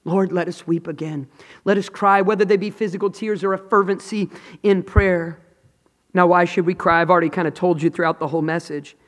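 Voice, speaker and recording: A man preaching a sermon with passion, swinging from loud cries to hushed whispers. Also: sits high, steady tone, fairly quick. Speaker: pastor. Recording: long hall reverb.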